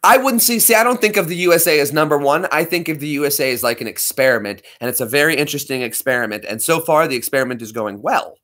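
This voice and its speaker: Bright-voiced man chatting on a livestream. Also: a little high, lively intonation, quick pace, hardly any pauses. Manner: rambling, joking, reads chat aloud. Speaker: livestream host. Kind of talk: casual livestream chat.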